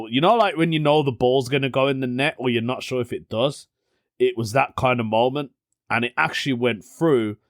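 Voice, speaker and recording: A young man hosts his own solo podcast, chatting casually, telling stories and laughing often, with British slang like "innit". His voice is mid-range, and the studio sound is clean with no echo.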